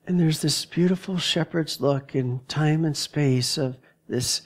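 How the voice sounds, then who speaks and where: A male pastor giving a sermon in a church, halting and repeating words as he searches for his phrasing. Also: a little high. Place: church sanctuary.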